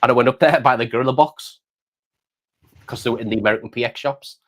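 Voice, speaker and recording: A man's voice: medium pitch, fairly even intonation, quick pace, a bit bright. A middle-aged man from the United Kingdom, hosting a casual chat and saying mate often. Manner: chatty, says mate often. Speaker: host.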